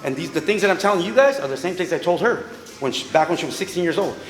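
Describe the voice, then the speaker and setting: A man with a fairly high voice coaches fighters in a boxing gym. He is blunt, animated and full of profanity. His voice rings through a big room with a long echo. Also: fast talker. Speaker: boxing trainer. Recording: echoey hall with long reverb.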